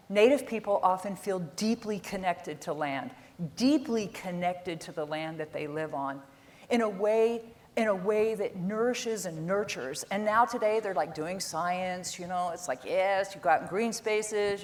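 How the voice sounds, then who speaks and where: Animated woman giving a keynote talk. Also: medium pitch, normal speed. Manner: animated, exasperated, rising loudly when making a point. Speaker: keynote speaker. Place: conference stage.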